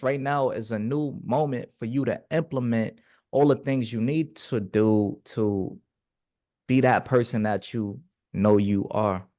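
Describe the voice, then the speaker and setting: Mid-pitched man coaching with affirmations. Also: a little mellow. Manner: reflective, repetitive affirmations. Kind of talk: motivational talk on a group call.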